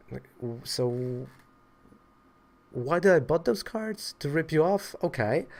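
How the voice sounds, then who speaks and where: A man's voice: fairly high pitch, expressive, measured pace, vocal fry, darkish tone. A man from Poland tells a story in a casual vlog, rambling with lots of fillers in a wry, exasperated way. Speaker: trading card seller telling a story.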